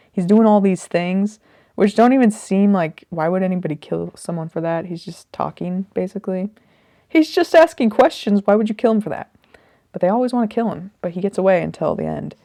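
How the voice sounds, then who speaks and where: With a mid-range, dark-toned voice, a woman rambles thoughtfully about a book she's reading in casual commentary. The recording is dry and studio quality.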